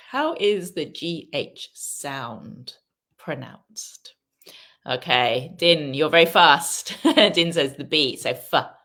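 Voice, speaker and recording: Slow, lively woman teaching an English lesson. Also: low voice. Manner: reads viewer comments aloud and praises answers; asks the audience questions and stresses pronunciation. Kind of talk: live-stream English lesson.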